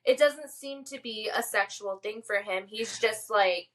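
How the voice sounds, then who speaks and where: A woman's voice: medium pitch, unhurried. A woman co-hosting a podcast, recapping an episode in casual chat full of filler words. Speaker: podcast co-host.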